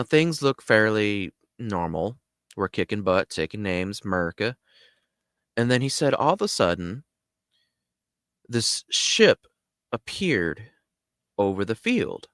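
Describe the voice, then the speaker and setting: Low-voiced man telling a story casually. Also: takes it slowly, pauses often, clean tone, no echo, studio quality. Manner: animated, lots of "you know" fillers. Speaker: host.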